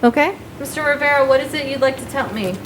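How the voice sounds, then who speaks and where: High voiced lady judge, brisk and formal, courtroom with faint hum. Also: a bit bright, poor audio. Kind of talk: court bond hearing. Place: courtroom with loud air vent.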